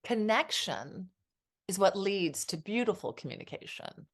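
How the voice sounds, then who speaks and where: A woman's voice: mid-range voice, expressive, unhurried. A woman in her fifties, a marriage and family therapist, speaking as a podcast guest in a heartfelt, reflective way. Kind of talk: candid podcast interview.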